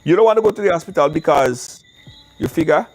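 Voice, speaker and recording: He talks fast in a voice on the high side. A man from the Caribbean hosting a live call-in show, recorded outdoors in wind, he speaks casually and emphatically, animatedly repeating words.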